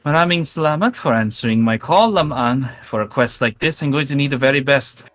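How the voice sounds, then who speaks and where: A man voicing a strongly built sea elf chieftain who speaks quietly and calmly. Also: mid-range voice, a little fast, lightly acted. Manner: quiet, calm.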